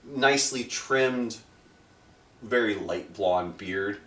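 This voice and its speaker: A man's voice: lowish voice, slow, pushed and bright, a little hiss or hum. A man as game master, narrating a tabletop game in a descriptive, rambling way. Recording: roomy, mic far off.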